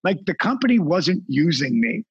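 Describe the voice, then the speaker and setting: Gravelly-voiced man telling stories. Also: fairly high pitch, normal speed, no room sound, muffled recording. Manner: animated, acts out voices in his stories. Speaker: podcast guest. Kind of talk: casual storytelling.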